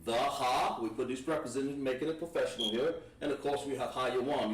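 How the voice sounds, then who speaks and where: A man teaching a Hebrew class at a board, patient and encouraging, repeating words slowly. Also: medium pitch, slight background noise. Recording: echoey room, voice from far off.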